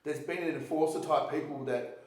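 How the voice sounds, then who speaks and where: A man's voice: a little high, fairly even intonation. Swearing, rambling man, echoey. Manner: rambling, swears freely, halting restarts. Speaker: interviewee. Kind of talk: casual street interview.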